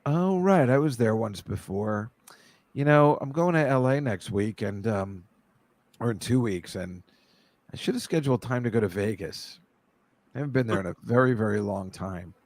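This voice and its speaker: A man hosting a casual talk show, rambling and halting with lots of fillers. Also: lowish voice, animated, darkish tone, no echo. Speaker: podcast host. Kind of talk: casual chat.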